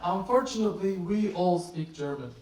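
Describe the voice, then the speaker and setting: A man from Turkey performing stand-up on a club stage, deadpan and teasing the audience with mock-serious questions. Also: high-pitched, moderate pace, very noisy. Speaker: stand-up comedian. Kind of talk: stand-up crowd work. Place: comedy club stage before a laughing crowd. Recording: roomy live recording from a distance, crowd audible.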